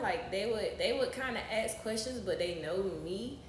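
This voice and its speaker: A young woman, telling stories as a podcast guest in an animated, laughing way. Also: mid-range voice, moderate pace, few pauses. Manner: animated storytelling, laughs often. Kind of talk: casual interview chat. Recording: roomy podcast audio with faint hiss.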